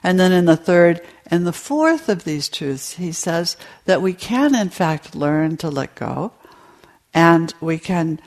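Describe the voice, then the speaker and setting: A woman meditation teacher giving a dharma talk to retreat participants, in a slow, storytelling delivery. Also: lowish voice, sing-song, a little mellow.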